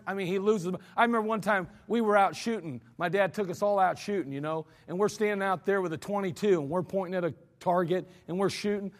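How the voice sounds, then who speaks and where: American pastor, man; high pitch, conversational sermon with animated quotes, long church reverb. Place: church sanctuary.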